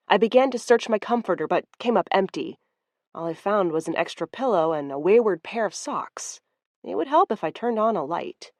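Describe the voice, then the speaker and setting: A woman reads a first-person story aloud in a calm, even, lightly amused way, her voice at a middling pitch. The recording is close and dry, with no room sound around it. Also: no room sound. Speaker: audiobook narrator. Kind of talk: first-person audiobook narration.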